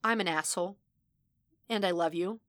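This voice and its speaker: A wry, guarded young woman speaking on the phone with a dry drawl, read by a woman. Her voice sits low and plain, close to the mic. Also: moderate pace, a bit bright, no room sound, lightly acted.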